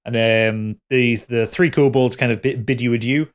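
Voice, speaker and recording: A man at an average pitch runs a tabletop role-playing game for friends. He narrates scenes in a loose, rambling way and often restarts his sentences. His talk is casual and unscripted. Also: steady tone, normal speed. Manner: rambling, restarts mid-sentence, laughs with players. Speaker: game master.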